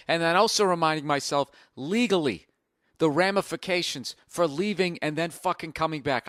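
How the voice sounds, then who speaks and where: A man's voice: on the high side, no echo, clean studio sound. Profane, ranting man in his forties. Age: 40s. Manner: profane, animated rant with acted-out quotes. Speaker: podcast host. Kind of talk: casual comedic storytelling.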